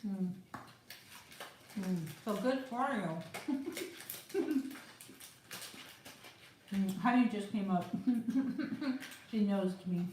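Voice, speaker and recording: A middle-aged woman hosting a relaxed tasting chat, chatty and often laughing. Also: mid-range voice, extremely slow, long pauses, slight background noise. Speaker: author hosting a release celebration. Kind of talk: casual chat during a tasting. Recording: very echoey room.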